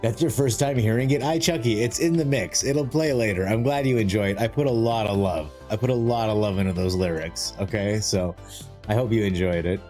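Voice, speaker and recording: A man's voice: on the low side, a little fast, darkish tone. Jokey man hosting a live stream. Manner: jokey, rambling, greets chatters by name. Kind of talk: casual live-stream chat. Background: faint music.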